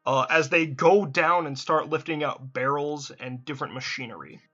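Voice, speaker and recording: A man's voice: a little high, normal speed, fairly bright tone, muffled recording, faint music behind. A man narrating as game master in a tabletop game, talking casually, swearing freely and restarting often.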